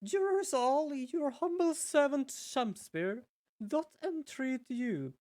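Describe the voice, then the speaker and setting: Man putting on a high florid witness voice. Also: lively intonation, slow, darkish tone, heavily acted. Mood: pompous. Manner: grandiose, theatrical delivery.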